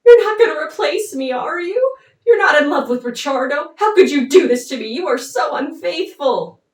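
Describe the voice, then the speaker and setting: A woman's voice: sits high, animated, normal speed, voice pushed up. Frantic whiny young knight, as a woman puts him on. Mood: pleading. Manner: frantic, pleading. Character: panicked young male knight, jealous and whiny. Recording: roomy, distant mic.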